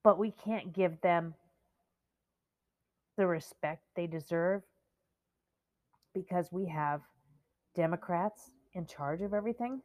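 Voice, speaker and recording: A woman in her fifties hosting her own podcast, speaking emotionally and deliberately as she reads out names and talks to her listeners. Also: on the low side, darkish tone. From United States. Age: 50s. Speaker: podcast host. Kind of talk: solo podcast monologue.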